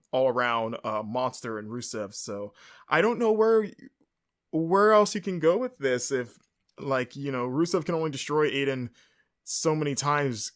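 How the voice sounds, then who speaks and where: A man hosting his own podcast, talking through the episode on his own at a mid pitch. He rambles freely, piling up fillers and correcting himself as he goes, in a relaxed, casual way. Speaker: podcast host. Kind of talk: casual solo show recap.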